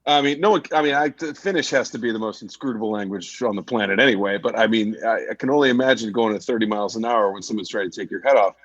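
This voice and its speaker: A man's voice: lowish voice, fast talker, hardly any pauses, a bit bright, no room sound, lo-fi sound. A male host asks the guests long questions and restarts often while he talks. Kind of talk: casual chat.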